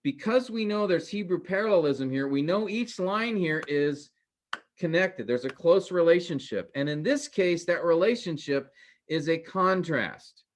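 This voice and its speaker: Male instructor, slightly high voice, chatty lecture style, keeps questioning the class. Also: expressive, a little slow. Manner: conversational, quizzes students with questions. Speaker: teacher.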